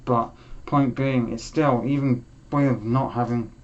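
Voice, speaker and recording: A young man hosting a music vlog, talking in a heartfelt, halting way with frequent restarts. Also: mid-range voice, steady tone. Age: young adult. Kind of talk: casual chat. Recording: muffled lo-fi sound.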